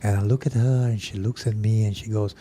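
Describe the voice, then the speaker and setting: A man from Brazil with a Brazilian Portuguese accent, a podcast guest telling animated stories, laughing often and swearing freely. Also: lowish voice, fairly quick, slight background noise. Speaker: podcast guest, jiu-jitsu coach. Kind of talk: casual storytelling chat.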